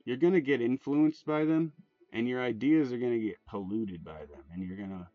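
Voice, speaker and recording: A man's voice: medium pitch, normal speed, no room sound. A man hosting his channel, rambling and swearing in casual commentary, restarting often and leaning on fillers. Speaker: channel host. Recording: dull lo-fi sound, dry, faint music.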